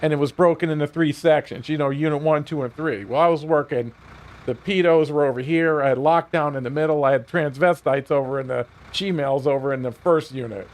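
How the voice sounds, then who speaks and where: A man's voice: a little high, a little fast. A man streaming a video game while telling a heated, profane story, often laughing.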